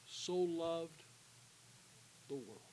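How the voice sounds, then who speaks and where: A man delivers a church sermon, calling out for answers from the pews and then softening into a quiet invitation. His voice sits slightly high for a man. A faint hiss runs under the recording. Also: lively intonation, very slow, low-quality recording. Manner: call-and-response with the congregation, alternating loud and hushed. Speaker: guest preacher. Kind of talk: evangelistic sermon. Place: church sanctuary.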